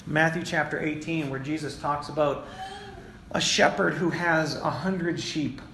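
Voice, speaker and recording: A man's voice: high voice, a bit bright, a little hiss or hum. A male pastor preaching a sermon in an emphatic, repetitive style, calling out to his congregation. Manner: emphatic, repeats key phrases, addresses the congregation. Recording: echoey room with faint ambience.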